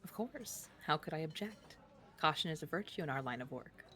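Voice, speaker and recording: A woman voicing a smooth, poised jewel swindler. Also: low-pitched, animated, brisk, sharp tone.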